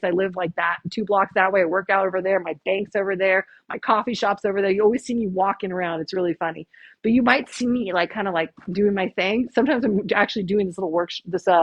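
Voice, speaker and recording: A woman's voice: mid-range voice, breathy edge, no room sound. A woman chiropractor leading a live stress workshop, chatty and upbeat, counting the group through breathing. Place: small room with a live audience.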